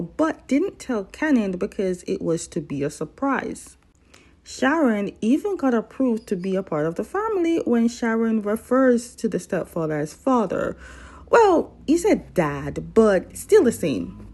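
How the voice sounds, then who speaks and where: A woman's voice: medium pitch, a little mellow. A woman recapping a drama episode in a chatty, playful way, talking straight to her viewers.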